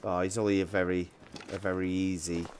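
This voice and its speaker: A man with a Yorkshire accent chatting casually while playing a hunting game, rambling with restarts and often dropping his voice low. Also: level tone, brisk, darkish tone, slight background noise. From Yorkshire, England. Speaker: gaming YouTuber. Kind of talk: casual gameplay commentary.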